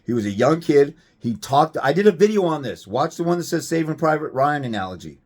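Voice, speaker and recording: A man speaks to camera in a fairly high, combative voice, blunt and profane. He hammers his points with rhetorical questions and cutting remarks. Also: very animated, brisk. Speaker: fathers' rights advocate. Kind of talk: direct-to-camera rant.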